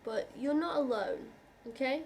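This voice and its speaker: A woman vlogger talking to camera in an earnest, reassuring way, halting and restarting often as she speaks from the heart. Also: high-pitched, slight background noise. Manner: heartfelt, openly emotional. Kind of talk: personal talk to camera.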